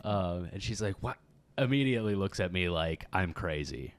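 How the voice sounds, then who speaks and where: A man's voice: deep voice, lively intonation, normal speed, no echo. A man hosting a comedy podcast, telling a story casually and laughing as he goes. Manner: laughs through his story, acts out quotes. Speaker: podcast host.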